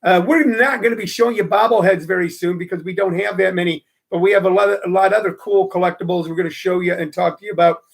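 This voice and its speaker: An older man hosts a casual live stream, talking in a loose, rambling way full of fillers. His voice sits notably high for a man. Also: steady tone, fast talker, creaky, few pauses. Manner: rambling, chatty, many fillers. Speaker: host of a live-streamed show.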